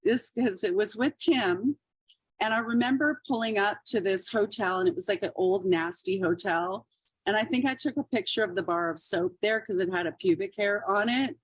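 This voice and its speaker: A woman's voice: medium pitch, moderate pace, husky, dry recording. A woman comedian and actress, telling stories as a podcast guest in a chatty way full of fillers. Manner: chatty, many fillers like "like" and "you know". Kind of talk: casual storytelling.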